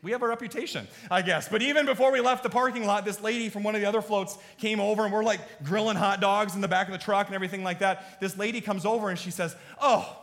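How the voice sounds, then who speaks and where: A man preaching a sermon as pastor, moving between hushed, earnest appeals and lively storytelling. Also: high-pitched, quick pace, hardly any pauses. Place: church sanctuary. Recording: long reverb of a large church hall.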